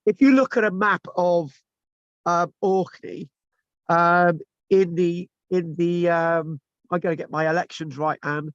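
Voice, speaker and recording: A man's voice: sits high, fairly even intonation, unhurried, no echo. A man giving an informal lecture to a class, chatty and full of restarts and tag questions. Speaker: lecturer teaching an online class. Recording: dull lo-fi, dry sound.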